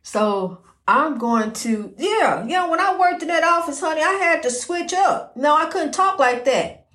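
Folksy woman podcaster, high voice, keeps saying you know, preachy and rambly. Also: lively intonation, unhurried, a bit bright, roomy sound. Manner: preachy, faith-based encouragement. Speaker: podcast host. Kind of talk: casual inspirational talk.

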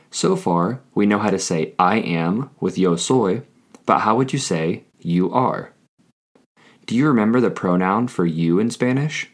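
A man hosting a scripted Spanish lesson, speaking deliberately and repeating each phrase for learners. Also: sits low, darkish tone. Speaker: Spanish teacher.

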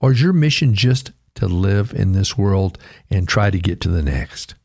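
A man preaching a radio sermon, earnest and conversational, his pitch rising sharply when he voices a quoted cry. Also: lively intonation, normal speed, creaky, darkish tone. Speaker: radio pastor.

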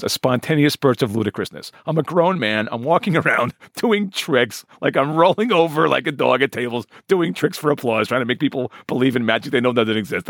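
A man in his forties, a magician telling stories fast and animatedly in a podcast interview. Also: mid-range voice, no room sound, clean studio sound. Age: 40s. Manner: fast-talking, animated storyteller. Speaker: guest, professional magician.

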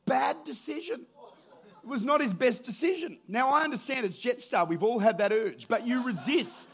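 A man preaching from the pulpit, his voice set high for a man. He tells stories with energy, rises into shouted calls, then sinks low and hushed. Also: expressive, fairly quick, husky. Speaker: pastor. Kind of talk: sermon.

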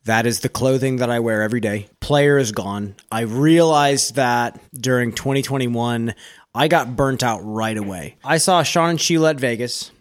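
A man in his thirties talks openly about his disc golf career as a podcast guest. His voice sits at an average pitch, and his delivery is candid and conversational. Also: moderate pace. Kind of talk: casual podcast chat.

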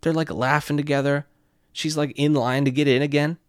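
A young man telling a night-out story in a profane, excitable way, constantly checking in with his listener. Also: fairly high pitch, a little fast, clean tone, no room sound, studio quality. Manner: profane, excitable, keeps asking "right?". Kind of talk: casual anecdote.

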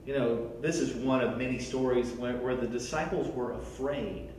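Animated pastor in an echoey hall. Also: male voice, medium pitch, moderate pace, recorded from a distance, slight background noise. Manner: animated, repeats words when starting sentences. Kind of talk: sermon.

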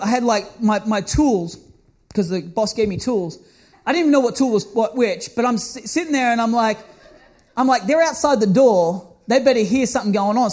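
A young man preaching, telling a funny personal story with animated, self-mocking bursts and laughter. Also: extremely high pitch. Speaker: pastor. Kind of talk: storytelling sermon.

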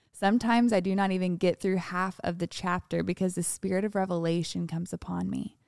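A woman co-hosting a faith podcast, calmly reading a devotional passage aloud. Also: mid-range voice, creaky, dry recording, studio quality. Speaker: podcast co-host.

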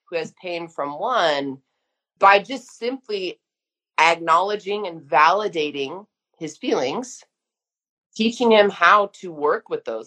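A woman's voice: on the low side, fairly bright tone. A woman in her thirties speaking frankly and emphatically as a guest in a casual conversation. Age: 30s. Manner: frank, emphatic, uses mild swearing. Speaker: guest therapist.

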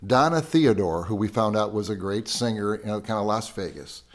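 A man's voice: lowish voice, moderate pace. An older American man, a podcast guest, telling a long story in a casual chat and quoting people with energy. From United States. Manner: lively storyteller who quotes people in raised voices.

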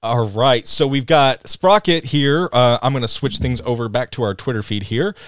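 A man's voice: medium pitch, moderate pace, no room sound, studio quality. A man hosting a casual podcast chat, talking with enthusiastic, upbeat energy. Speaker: podcast host.

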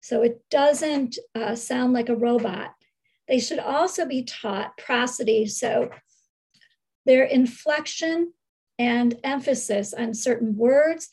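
A middle-aged woman, a reading specialist, slowly explaining literacy lesson steps and reading sample sentences in careful phrases. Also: on the high side, a little mellow, breathy edge, poor audio. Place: screen-share recording.

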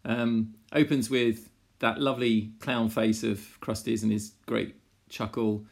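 Man, gravelly, low-pitched, podcast co-host, hesitant, measured. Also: level tone. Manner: measured, hesitant with frequent ums and restarts. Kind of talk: casual chat.

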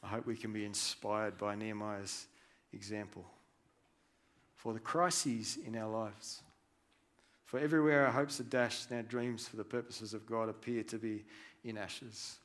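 A man preaching a sermon, reading scripture aloud and swinging between hushed and loud, animated delivery. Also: lowish voice. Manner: reads scripture aloud with feeling.

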